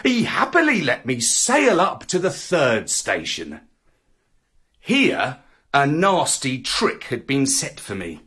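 A man reading a children's story aloud in the first person, with an expressive, swooping storybook delivery. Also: mid-range voice, takes it slowly, breathy edge.

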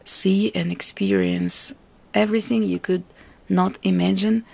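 Gravelly, husky Russian-born woman. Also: medium pitch, fairly even intonation, measured pace. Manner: earnest, reflective, laughs softly between thoughts. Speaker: artist and interviewee. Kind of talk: interview answers.

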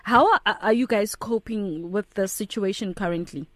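A woman hosting a radio interview who answers with brief affirmations and asks questions gently. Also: medium pitch, moderate pace, no echo. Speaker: radio host.

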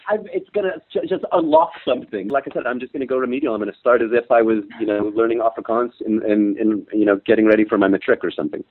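A middle-aged man speaks over a thin, tinny phone line. He talks haltingly, restarting his phrases, and his voice swings widely in pitch as he gets emotional. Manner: hesitant, many restarts, gets choked up. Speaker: interview guest. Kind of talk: emotional personal interview.

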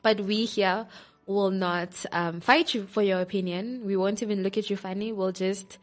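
A woman's voice: mid-range voice, fairly even intonation, moderate pace. A woman co-hosting a podcast in casual chat, playful and teasing, often laughing. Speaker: podcast co-host.

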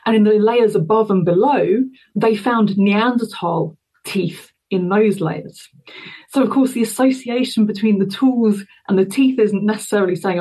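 A woman's voice: mid-range voice, moderate pace, warm tone, husky, poor audio. A woman researcher answering interview questions, explaining carefully and thoughtfully as she goes. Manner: explanatory, thoughtful, with fillers and restarts. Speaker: university researcher.

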